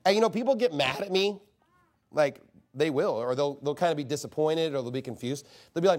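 A man's voice: a little high, brisk, a little mellow. A man preaching a sermon as pastor, emphatic and rhetorical, mocking objections in quoted voices.

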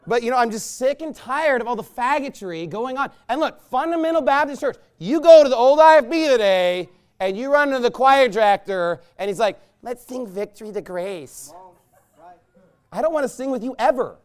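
A pastor preaching from the pulpit, a man with a high voice for a man and a smooth, resonant tone. He talks in a blunt, emphatic way that turns scornful. He breaks into loud bursts. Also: animated, a little fast, hardly any pauses. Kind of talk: sermon.

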